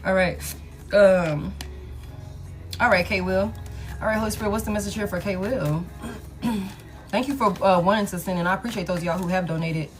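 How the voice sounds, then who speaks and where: A woman's voice: medium pitch, normal speed, long pauses, over music. A woman giving a live tarot reading, talking casually and profanely to her viewers. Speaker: tarot reader.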